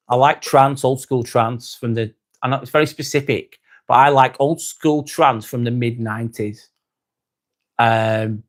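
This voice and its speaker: Chatty English man hosting a livestream. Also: medium pitch. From England. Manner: chatty, repeats phrases, many fillers. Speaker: livestream host. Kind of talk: casual livestream chat reading comments.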